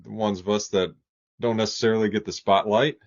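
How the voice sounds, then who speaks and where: A man's voice: fairly low pitch, fairly even intonation. A man playing a shy, humble stuntman. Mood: earnest. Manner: halting, full of "uh" and "you know". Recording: dull lo-fi online audio.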